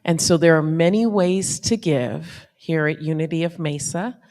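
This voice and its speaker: Low-voiced woman making church announcements. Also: fairly even intonation, moderate pace, darkish tone. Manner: plain, informal, with fillers. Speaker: church board president. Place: church sanctuary. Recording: long church reverb.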